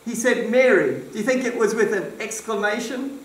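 A man's voice: high voice, normal speed. A man preaching a sermon in a church hall, emphatic and questioning his congregation. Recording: roomy echo, distant mic.

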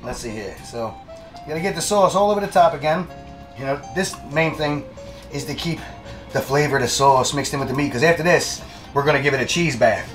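A man walks through a recipe in a kitchen in a casual, plain-spoken way. His pitch swings a lot as he talks, and clear music plays behind him. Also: animated, a little fast. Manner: chatty, laughs easily, plain-spoken. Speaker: guest cook. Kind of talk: casual cooking demonstration.

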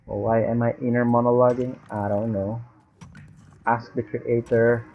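Male gamer, slow rambling self-talk, swears freely, thin phone-line sound with faint hiss. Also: mid-range voice, flat delivery. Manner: rambling, profane, talks to himself in mixed languages. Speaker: gamer vlogger. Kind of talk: rambling gameplay commentary.

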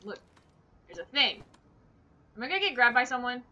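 A young woman playing a video game with a friend, excitable and swearing, shrieking when startled. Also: on the high side, a little fast, highs cut off. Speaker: gamer, co-host. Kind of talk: let's-play banter.

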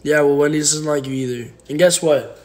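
A man's voice: fairly high pitch, fairly even intonation, a little fast. A young man hosting a casual livestream from home on his phone, reading viewer comments and rambling through jokes and teasing. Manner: joking, rambling, playfully teasing. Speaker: livestream host. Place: home, indoors.

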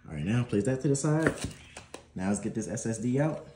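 A man's voice: medium pitch, lively intonation, a little fast, echoey room, background noise. A man hosting a gaming channel, chatting casually through an unboxing and install tutorial, laid-back and prone to swearing and laughing.

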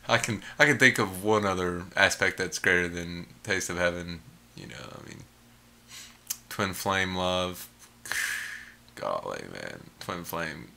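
Slow, gravelly low-voiced man. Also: expressive, bright, forceful tone. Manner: laid-back, blissed-out, chuckling, drawn-out sighs and hums. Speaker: energy healing teacher. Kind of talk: casual guided heart meditation.

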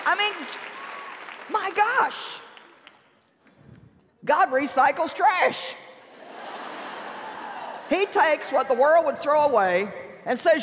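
A woman preacher giving a sermon in an animated, humorous and emphatic way in a large church. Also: high voice, slow pace, long pauses, big-room sound, a faint crowd, a little hiss or hum.

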